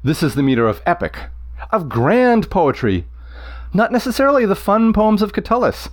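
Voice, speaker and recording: A man who teaches Latin, explaining poetic meter to listeners with enthusiasm, chanting the rhythms aloud in a deliberate way. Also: high-pitched, sing-song.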